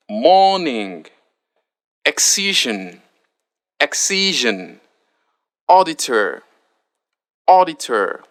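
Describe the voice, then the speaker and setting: A man tutoring pronunciation, reading a spelling word list aloud and saying each word twice in a deliberate way. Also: a little high, fairly bright tone.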